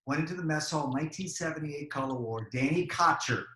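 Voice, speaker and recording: A man's voice: fairly high pitch, a little fast. Man, 50s, alumnus guest, nostalgic storytelling, roomy echo. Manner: animated when recalling cheers. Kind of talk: reminiscing interview answers. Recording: echoey room.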